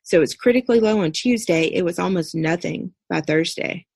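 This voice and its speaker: A woman in her thirties, a podcast guest, earnestly telling a personal story in a steady recounting way. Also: lowish voice, normal speed, gravelly, slightly rough, dry recording. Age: 30s. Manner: earnest, steady recounting with brief quoted dialogue.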